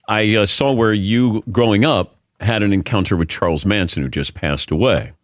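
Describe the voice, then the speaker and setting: A man hosting a talk show, interviewing a guest in a relaxed, conversational way and laughing easily. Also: on the low side, moderate pace, no room sound, studio quality.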